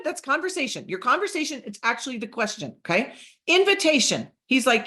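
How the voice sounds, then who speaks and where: An energetic middle-aged woman runs a live training session, coaching her group with lots of drive. Her voice sits fairly high, and she keeps slipping into lively acted-out sample conversations. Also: a little fast. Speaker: sales trainer.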